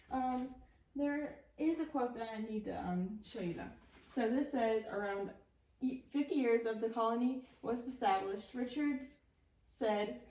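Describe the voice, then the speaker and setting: A woman's voice: on the high side, darkish tone, distant mic. A young woman reading a class presentation, hesitant, with many ums and restarts. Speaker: student presenter. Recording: roomy echo, a little off mic.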